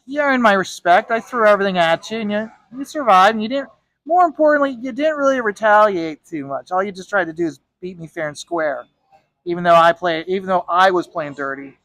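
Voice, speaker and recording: A man voicing a gruff, guarded male superhero street racer who talks bluntly and dismissively. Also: sits high, expressive, brisk, a bit bright, dry recording, rough recording.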